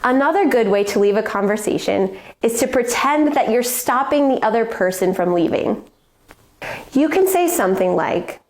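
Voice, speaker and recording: A woman teaching English with clear, measured explanations in a scripted lesson. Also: a little high, animated. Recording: roomy echo.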